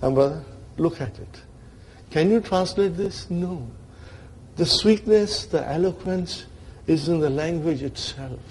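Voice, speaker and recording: A man's voice: fairly high pitch, measured pace, darkish tone, slight background noise. A man teaching an Arabic grammar class in lecture style, often checking in with his listeners.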